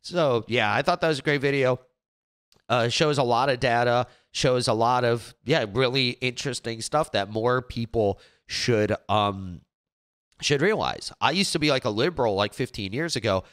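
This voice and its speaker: A man casually reacting to a video he just played, speaking haltingly with frequent restarts. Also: medium pitch, fairly bright tone, smooth, dry recording, studio quality. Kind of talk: casual commentary.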